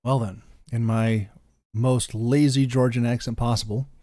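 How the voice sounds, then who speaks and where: A man on a casual podcast, reading a character backstory aloud in a relaxed way, with hesitant restarts and frequent throat clearing. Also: mid-range voice, measured pace, no echo, studio quality.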